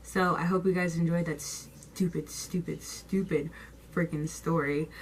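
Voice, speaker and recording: In a low, unhurried voice, a young woman vlogger tells a storytime tale, casual and slangy, swearing freely and performing people's lines animatedly. The audio quality is poor and carries slight background noise.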